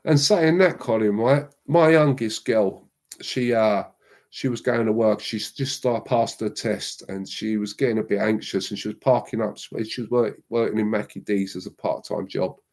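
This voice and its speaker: A middle-aged man, a show guest rambling through slangy, lively anecdotes in casual chat. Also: fairly low pitch, normal speed.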